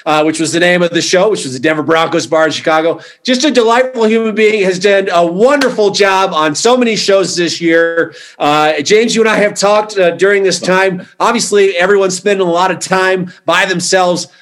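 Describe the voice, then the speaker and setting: A man's voice: high-pitched, moderate pace, few pauses, a bit bright. A man hosting a comedy show, chatting and introducing the next performer. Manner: chatty, laughing between lines.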